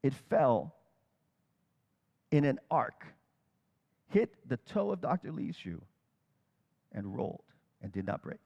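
A man's voice: medium pitch, slow, gravelly, long pauses, in a large hall, muffled recording. A man telling stories in a sermon, acting out the people he quotes as he tells them. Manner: animated retelling that acts out quoted speakers. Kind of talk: storytelling sermon.

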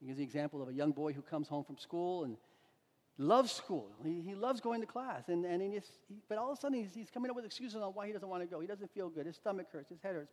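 A man preaching a sermon, animated, acting out little dialogues as he goes. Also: sits high, fast talker. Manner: animated, acts out quoted dialogue. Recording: long hall reverb.

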